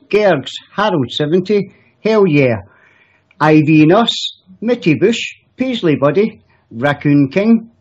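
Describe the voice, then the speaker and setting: A man on a casual online radio show who reels off names in a quick rhythm. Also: fairly high pitch, husky. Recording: dull lo-fi line.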